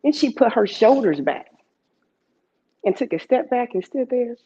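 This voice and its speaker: Lively, high-voiced woman storyteller. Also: normal speed, husky, highs cut off. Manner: lively, conversational, with laughs and asides. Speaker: storyteller and emcee. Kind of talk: live storytelling.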